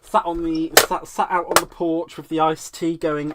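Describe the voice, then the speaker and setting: A man's voice: a little high, level tone, moderate pace, hardly any pauses, very noisy. A man hosting a live crafting demo. He is giggly and playful, mocks himself and answers viewers' comments as he works. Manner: giggly, playful, self-mocking, reacts to chat comments. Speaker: crafting livestream host.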